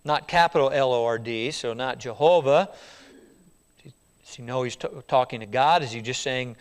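A man's voice: medium pitch, normal speed, clear, resonant tone. A man preaching a sermon, emphatic and repetitive, putting questions to his congregation.

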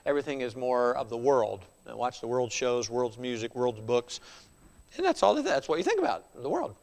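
A man's voice: medium pitch, very animated, normal speed, vocal fry, darkish tone, long reverb tail. A man preaching a sermon in a conversational way, chuckling often and tossing in rhetorical asides.

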